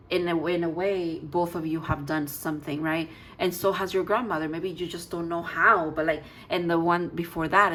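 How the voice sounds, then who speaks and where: A woman's voice: on the low side, slight background noise, low-quality recording. A woman giving a casual tarot reading, rambling and emotional, with many fillers and restarts. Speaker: tarot reader.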